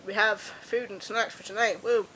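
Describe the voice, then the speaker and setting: A woman's voice: mid-range voice, fairly even intonation, moderate pace, pushed and bright, a little hiss or hum. A young woman chatting casually and teasingly at home for her vlog. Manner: playful, teasing, giggly. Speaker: vlogger. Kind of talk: casual chat.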